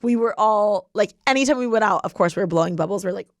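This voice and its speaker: She talks fast, a medium-pitched podcast host in her twenties who lives in LA. Her casual chat is bubbly and giggly, packed with filler words, and the studio-quality recording has no room sound.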